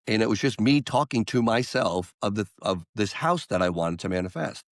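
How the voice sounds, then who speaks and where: Man, low voice, podcast guest, animated storyteller, dry close sound. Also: normal speed, no echo. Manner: animated storyteller acting out quotes. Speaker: guest, singer-songwriter. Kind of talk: storytelling interview talk.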